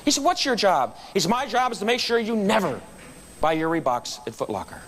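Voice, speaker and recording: In a meeting room, a man gives a storytelling speech at a club meeting, speaking a little fast in a high voice. He's an animated storyteller who acts out the voices of the people in his anecdotes.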